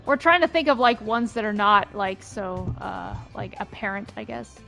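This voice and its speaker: A woman's voice: mid-range voice, lively intonation, moderate pace, vocal fry, pushed and bright, soft background music. A woman chatting while she plays a game, laughing and swearing as she goes. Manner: laughing, swears, distracted by play. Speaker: streamer playing the game. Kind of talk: casual chat while gaming.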